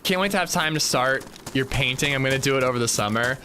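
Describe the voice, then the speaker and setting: A man's voice: medium pitch, fast, bright, forceful tone, slight background noise. A man livestreaming a game, chatting casually and telling stories, swearing and acting out the quotes. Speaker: streamer. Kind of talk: casual livestream chat while gaming.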